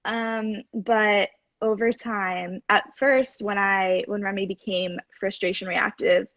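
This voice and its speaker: A woman's voice: mid-range voice, little pitch movement, slow pace, fairly bright tone, no room sound. A woman in her twenties, a guest in a casual chat, explaining earnestly and at length. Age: 20s. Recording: dull dry call audio.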